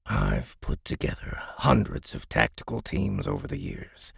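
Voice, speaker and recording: A man voicing a stubborn middle-aged military commander, with a deep, gravelly voice and a clipped, firm way of talking. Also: wildly swooping pitch, a little slow, fairly bright tone, no room sound, in a whisper, clean studio sound, full character voice. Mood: stern.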